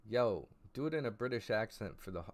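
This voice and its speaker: A man's voice: lowish voice, animated, a little fast. A young man hosting a casual livestream, hyped and repeating viewers' names as he reads their messages. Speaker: livestream host.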